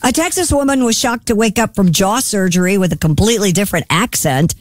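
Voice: mid-range voice, a little fast, dry recording, studio quality. A radio show regular reading odd news items aloud and chatting about them between headlines. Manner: reads headlines then chats. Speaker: news segment reader on a show.

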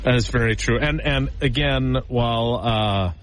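A man's voice: medium pitch, unhurried, a little hiss or hum, low-quality recording. A man hosting a sports radio show, chatting earnestly and reading live ads.

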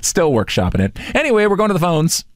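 A man's voice: high-pitched, huge pitch swings, fast, no echo. A man hosting a radio show, taking calls with dry, self-mocking banter.

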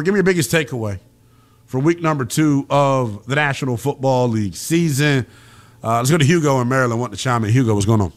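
Animated sports radio host man. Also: mid-range voice, fairly quick. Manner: animated, blunt, slangy. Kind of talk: call-in sports talk.

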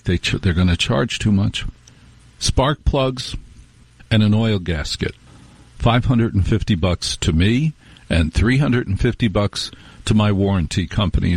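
A man's voice: on the low side, husky, no room sound. A middle-aged man hosting a talk radio show, telling rambling, wry stories with restarts in a casual monologue.

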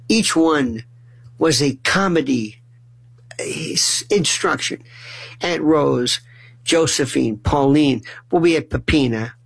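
A middle-aged man telling funny family stories in a lively way, often stumbling and restarting his words. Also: mid-range voice, creaky, husky, rough recording. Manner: animated, acts out family dialogue in shifting voices. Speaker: storyteller. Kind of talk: humorous personal storytelling monologue.

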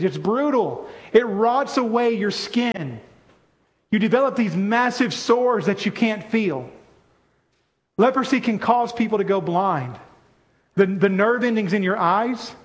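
A pastor preaches to his congregation, his voice pitched high for a man. He delivers the sermon in an animated way and keeps calling on the people in front of him to answer and take part.

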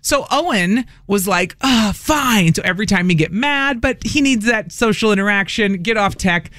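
Woman radio co-host in her forties, animated storyteller, close dry studio mic. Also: medium pitch, normal speed, dry recording. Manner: animated, acts out family quotes. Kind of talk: casual storytelling on morning radio. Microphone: studio microphone.

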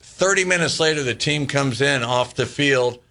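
Man, 60s, ex-ballplayer guest; bright forceful voice, lively storyteller who laughs a lot. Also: mid-range voice, moderate pace. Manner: animated anecdotes, laughing often. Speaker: former baseball player, guest. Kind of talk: casual storytelling interview.

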